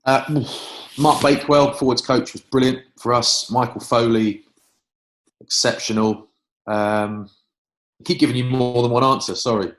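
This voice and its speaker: An English man and former rugby player, a guest in a casual interview, telling lively stories and swearing freely. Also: mid-range voice, a little slow. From England.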